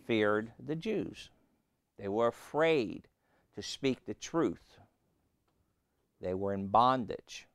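A man preaches a sermon in a low, gravelly voice. He is emphatic, climbing high and loud on key points and calling out questions to the congregation. The sound is close and dry. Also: animated, takes it slowly, long pauses, no room sound.

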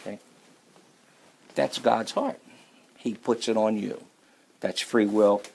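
A man preaching a sermon, emphatic, repeating key phrases and slowing right down to stress his points. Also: on the low side, steady tone, gravelly, darkish tone, breathy edge.

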